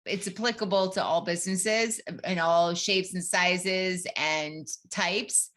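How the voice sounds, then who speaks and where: A woman's voice: fairly low pitch, fairly even intonation, takes it slowly, fairly bright tone. A middle-aged woman co-hosting a marketing podcast, chatting casually and telling a story with frequent laughter. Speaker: podcast co-host. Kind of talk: casual chat.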